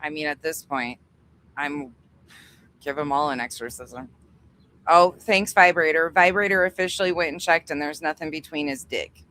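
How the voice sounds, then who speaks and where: A woman's voice: sits low, a bit bright, a little hiss or hum. A woman hosting a livestream, chatting casually, swearing freely and laughing easily as she thanks her members. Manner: chatty, profane, quick to laugh. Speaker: livestream host.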